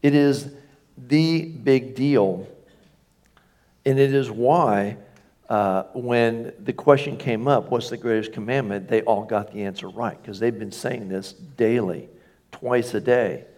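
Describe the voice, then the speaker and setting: A man's voice: mid-range voice, slow pace, a little mellow. A man preaching a sermon in a church, emphatic, lifting his voice on key phrases and asking the congregation for agreement. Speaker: pastor.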